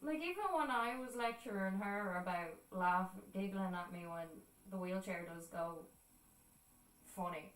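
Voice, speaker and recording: A woman's voice: medium pitch, unhurried, a bit bright. A young Irish woman telling stories in casual chat, swearing freely and laughing often. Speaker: art streamer. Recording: roomy sound, distant mic.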